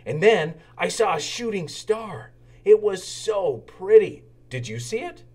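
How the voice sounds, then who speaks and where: A man's voice: high voice, a little slow, pitched above the performer's own voice. A man voicing a small, eager young tank engine who cannot sleep, in a storybook reading. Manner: excited, pleading.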